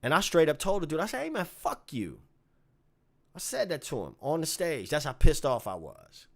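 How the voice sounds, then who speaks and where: A man telling a story from his gigs in a casual vlog, swinging from low muttering to loud outbursts. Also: brisk, creaky. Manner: animated, swings from muttering to shouting. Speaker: bass player telling a story.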